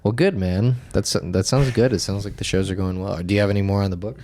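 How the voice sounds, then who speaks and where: A man's voice: fairly low pitch, steady tone, quick pace, a little mellow, a little hiss or hum. A man co-hosting a podcast, chatting casually and teasing with dry quips. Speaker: podcast co-host. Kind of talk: casual chat.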